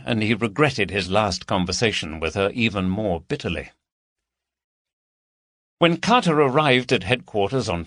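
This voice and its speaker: A man reads a crime novel aloud as the narrator, steady and expressive. His voice is bright, with a lively rise and fall, recorded close and dry. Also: on the low side, no echo. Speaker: audiobook narrator. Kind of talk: scripted narration.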